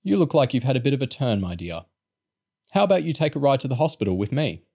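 A man voicing a calm, practical middle-aged vet who gives orders briskly and reassures kindly. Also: medium pitch, pitched above the performer's own voice. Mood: soothing.

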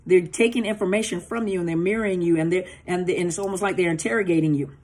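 A woman coach teaching in a relaxed, chatty way, her voice sitting a touch low with a husky grain. She keeps breaking into short acted-out dialogues and leans on "you know" as she talks. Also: quick pace. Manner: conversational, acts out dialogue with filler-heavy asides. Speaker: coach on narcissistic abuse. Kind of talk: casual teaching talk.

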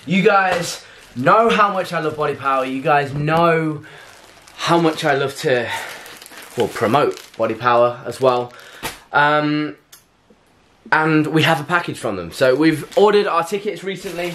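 A gushing, excitable young man, talking casually at home for his fitness vlog. His voice sits a little higher than most men's, and he rattles along in an eager, chatty way. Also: unhurried, a little hiss or hum. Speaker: fitness vlogger. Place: at home indoors.

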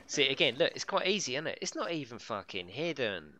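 A man's voice: mid-range voice, big pitch swings, fairly quick, few pauses, sharp tone. A man chatting casually as he streams a video game, swearing freely and laughing often. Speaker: gaming livestreamer. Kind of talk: casual live gameplay commentary.

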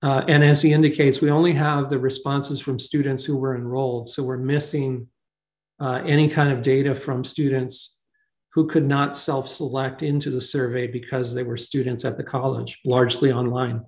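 Guy running a staff video call, thinking out loud, lots of ums, medium voice. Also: mid-range voice, flat delivery, moderate pace. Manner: thinking aloud, with fillers. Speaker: meeting leader. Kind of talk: online staff meeting discussion.

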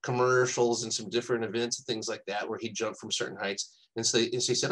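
A man's voice: lowish voice, level tone, quick pace, fairly bright tone, rough recording. A man co-hosting a podcast, telling a long anecdote in a casual, rambling way, often laughing and quoting people. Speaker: podcast co-host. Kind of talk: casual storytelling chat.

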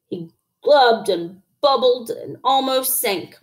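Woman reading a kids picture book, lively up-and-down voice, slow and expressive. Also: mid-range voice. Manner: expressive, animated, with sound effects. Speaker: storyteller. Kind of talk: children's picture book read-aloud.

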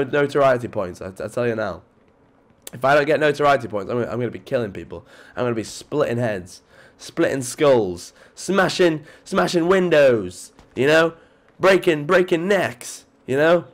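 A man with a stuffy nose from a cold, giving excitable live commentary over his gameplay, muttering one moment and yelping the next. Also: mid-range voice. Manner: excitable, jumps between mutters and yelps. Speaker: gaming video creator.

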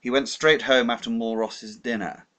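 A man voicing a stiff, formal older government official, a little above his own pitch. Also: steady tone, normal speed, pushed and bright, lightly acted.

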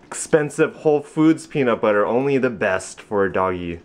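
A man's voice: on the low side, normal speed, few pauses, darkish tone, a little hiss or hum. A young man vlogging casually, joking and talking to his dog in a playful baby-talk voice. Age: young adult. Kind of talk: casual vlog chat.

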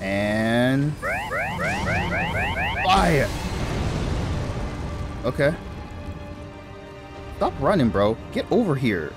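A man commentating live on his own gameplay, excitable, repeating phrases and swearing at the enemies on screen. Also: mid-range voice, drawn-out words, pauses often, music in the background. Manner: excitable, repeats himself, swears and laughs at the game. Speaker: gamer.

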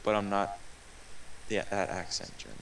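A man's voice: on the low side, fairly even intonation, normal speed, a little hiss or hum. Crude joking young gamer guy. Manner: crude, joking, swears a lot. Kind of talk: casual co-op let's play banter.

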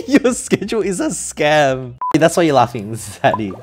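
A man streaming live, loud and joking, laughing often and a little tipsy from drinking. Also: a little high, wildly swooping pitch, takes it slowly, noisy background. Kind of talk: casual live-stream chat.

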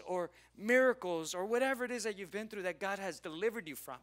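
A man preaches a sermon with a high, ringing voice. He tells the story with drama and acts out its people. He swings between loud, emphatic lines and quiet, hushed ones. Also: brisk, hardly any pauses. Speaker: pastor.

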